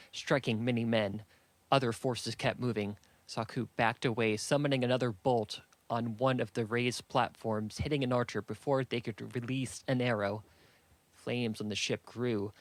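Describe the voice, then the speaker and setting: A man narrating a fantasy audiobook in a steady, measured storytelling manner. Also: medium pitch, no echo.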